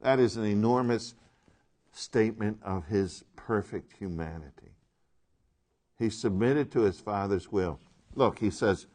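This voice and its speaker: Slow, emphatic male Bible teacher. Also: fairly low pitch, darkish tone. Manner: slow, emphatic, asks the class questions. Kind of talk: classroom Bible lesson.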